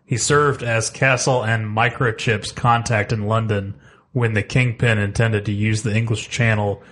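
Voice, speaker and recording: A man's voice: on the low side, fairly even intonation, a little slow, fairly bright tone. A man co-hosting a comic book podcast, hesitant with fillers, reading out character facts. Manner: hesitant, reads facts aloud. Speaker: podcast co-host. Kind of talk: casual comic book chat.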